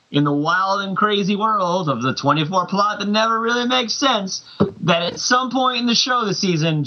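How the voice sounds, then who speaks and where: A playful man on a podcast panel, laughing his way through casual banter. His voice sits a little high for a man, and the audio is dull and lo-fi.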